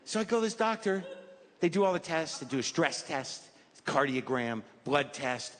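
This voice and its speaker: A man's voice: on the high side, very animated, normal speed, a bit bright. A man in his fifties doing a stand-up routine, rambling in a neurotic, self-deprecating way and acting out little scenes. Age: 50s. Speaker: stand-up comedian. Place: comedy club stage. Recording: live stage recording with hall reverb and audience noise. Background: audience laughter.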